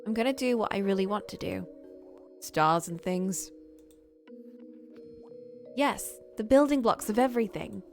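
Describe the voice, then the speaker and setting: A woman's voice: mid-range voice, unhurried, gravelly, pauses often, soft background music. A woman reading the lines of a tired, stubborn young woman arguing with her mother. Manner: tired, defensive replies. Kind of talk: reading game dialogue aloud.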